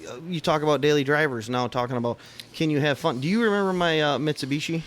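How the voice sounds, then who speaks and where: A man's voice: a little high, quick pace, fairly bright tone, slight background noise. A man from Michigan with a Michigan accent, co-hosting a casual podcast and telling stories in a dry, laid-back way. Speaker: podcast co-host. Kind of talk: casual chat.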